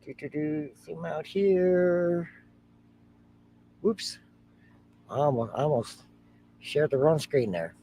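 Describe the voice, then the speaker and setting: A man's voice: on the high side, expressive, takes it slowly, pauses often, mellow, a little hiss or hum. A man co-hosting a reaction show, chatting casually and joking, humming to himself while he searches for clips.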